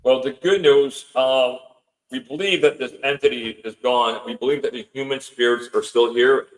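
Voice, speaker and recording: A man, a podcast guest, telling a frightening story in a halting way, often repeating words. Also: medium pitch, fairly even intonation, low-quality recording.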